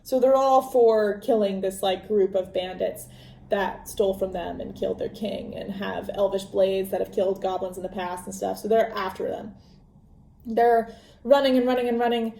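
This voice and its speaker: A woman's voice: mid-range voice, fairly even intonation, moderate pace, vocal fry, warm tone. A woman hosting a podcast, retelling a book's story in a chatty, rambling way full of fillers. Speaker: podcast host. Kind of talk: casual book recap. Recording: roomy echo.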